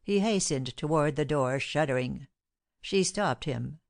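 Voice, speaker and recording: A woman narrating a classic novel as an audiobook, reading in a measured, steady way. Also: low voice, vocal fry, no room sound, studio quality.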